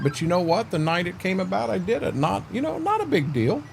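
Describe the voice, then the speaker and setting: A man's voice: high voice, sing-song, fairly quick, gravelly, hardly any pauses, a little hiss or hum. A man chatting casually on a livestream while playing a farming game, rambling in a folksy way to his viewers and his dog.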